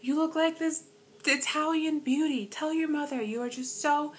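Brief: young woman doing a doting elderly church lady, high and breathless, all swooning compliments. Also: steady tone, normal speed, natural voice. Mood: gushing.

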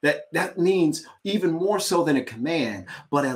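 Animated preacher man with a raised voice. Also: a little high. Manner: animated, dramatizes scripture, halting restarts. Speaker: pastor. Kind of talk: sermon in dialogue with co-pastor.

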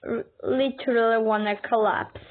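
High, gushing woman reacting, lo-fi. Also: steady tone, normal speed. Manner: gushing, bursts into squeals and whoops. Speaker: reaction video host. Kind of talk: excited reaction commentary.

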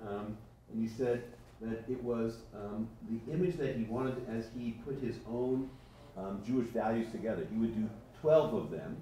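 A man's voice: medium pitch, mellow. A man delivers a memorial tribute, rambling and hesitant, stopping often on fillers. His voice comes from a distance in a very echoey hall. Faint ambient noise sits behind him. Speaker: memorial speaker. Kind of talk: personal tribute speech.

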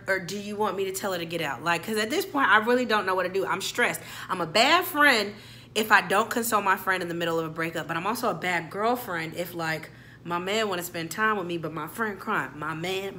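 Animated young woman telling a story. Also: medium pitch, slight background noise. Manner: animated, dramatic, acts out every character. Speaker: storyteller vlogger. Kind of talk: storytime vlog.

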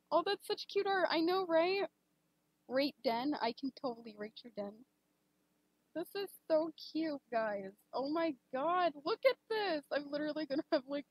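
A woman's voice: high-pitched, dry recording, rough recording. A young woman casually chatting on a game live stream, giggly and gushing, with lots of filler words.

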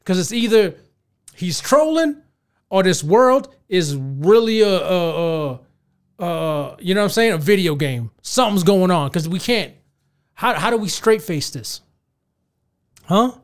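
Podcast host, man, thirties, high register, casual profane rant delivered straight to listeners. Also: animated, a little slow. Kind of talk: casual ranting commentary.

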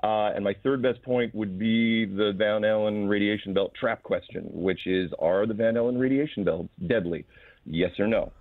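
Man, phone-in guest, low voice, argumentative, lists points, tinny phone line. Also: moderate pace, no echo. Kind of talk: phone interview.

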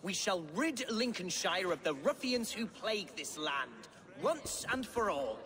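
A pompous young nobleman from a video game, full of flowery boasts. His voice sits high and bright, and it swings widely up and down with theatrical flourish. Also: very animated, a little slow, heavily acted. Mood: grandiose.

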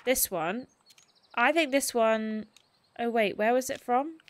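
A woman's voice: fairly high pitch, takes it slowly. A woman streaming a game, chatting casually, self-mocking and reading game text aloud. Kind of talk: casual gameplay commentary.

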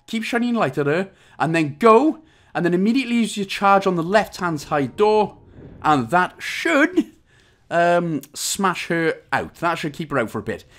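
A young Welsh man narrates a gameplay walkthrough, giving step-by-step instructions broken up by jokey, rambling asides. His voice sits high, a bit bright and sing-song, at normal speed.

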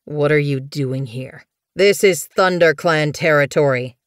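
A woman's voice: low voice, measured pace, dry recording, studio quality. A woman voicing a stern, harsh male cat warrior who growls his commands in an audiobook. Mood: menacing. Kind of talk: audiobook character voice.

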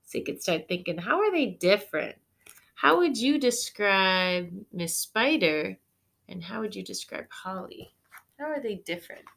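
A woman teacher reading a picture book aloud to students and pausing to ask them gentle questions. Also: mid-range voice, big pitch swings, creaky.

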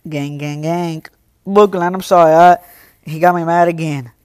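A teenage boy running a casual livestream, talking straight to his chat, quick to get angry and protective of his viewers. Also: fairly high pitch, fairly even intonation, darkish tone, clean tone, no echo, clean studio sound.

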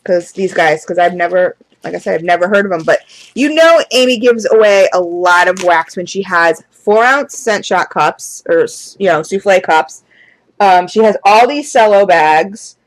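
A candle and wax hobby vlogger unboxes something in a casual, chatty way, gushing with excitement, calling her viewers "guys," and sounding close to tears with gratitude. Her voice is lowish at a normal speed, and the audio is poor.

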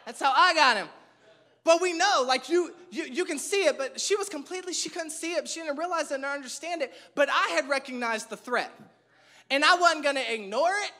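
A male pastor preaching a humorous, storytelling sermon to a live church congregation, animated and self-mocking, with emphatic repetition. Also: very high-pitched.

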